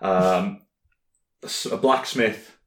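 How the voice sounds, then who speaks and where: Casting: low male game master, hesitant narration, echoey room. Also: fairly bright tone. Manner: halting narration with many ums.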